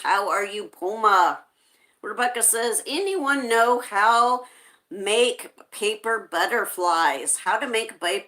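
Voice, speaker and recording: A woman's voice: mid-range voice, pushed and bright. A woman hosting a casual livestream, reading viewer comments aloud and greeting people in a friendly way. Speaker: livestream host reading chat.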